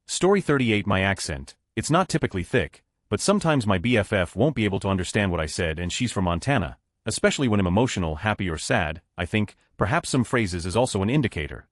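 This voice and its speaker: A man's voice: on the low side, big pitch swings, quick pace, few pauses, no echo, clean studio sound. A man reading numbered online stories aloud as scripted narration. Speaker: narrator of reader posts.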